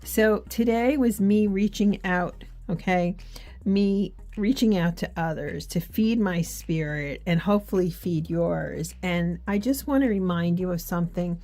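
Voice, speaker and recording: A woman's voice: lowish voice, measured pace, mellow. A middle-aged woman talking earnestly and encouragingly in a devotional vlog, sometimes reading scripture aloud. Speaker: faith journaling vlogger. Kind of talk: heartfelt devotional chat.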